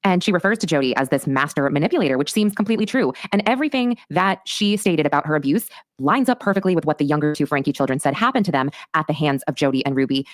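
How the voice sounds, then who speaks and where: A woman hosts a true crime recap podcast, talking quickly and emphatically. Her voice sits low but swings widely in pitch. The sound is dry and close. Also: expressive, no room sound. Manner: fast, emphatic storytelling. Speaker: podcast host.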